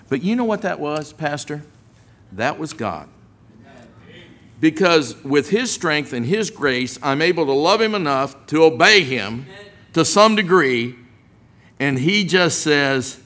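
Unhurried and fairly high-voiced, this preacher delivers his sermon as a story, animatedly performing each character's lines.

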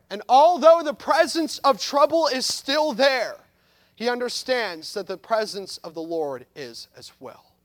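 A male pastor in his thirties preaches a sermon earnestly in an extremely high-pitched voice. He swings between loud emphasis and soft reflection.

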